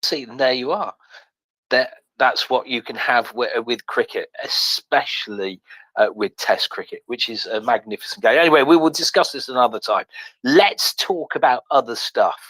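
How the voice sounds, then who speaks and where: Dry-voiced man, halting and wry. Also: medium pitch, fairly bright tone, no room sound, low-quality recording. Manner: halting, many fillers and restarts, wry asides. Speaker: host. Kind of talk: casual live audio chat, reading a tweet and article aloud.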